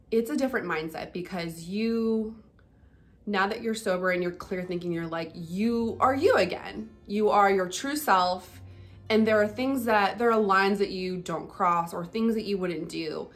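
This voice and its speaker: A woman's voice: medium pitch, a little slow, soft background music. A young adult woman talking candidly in a casual vlog, conversational and full of fillers like "like" and "um". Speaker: vlogger. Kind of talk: casual personal vlog talk.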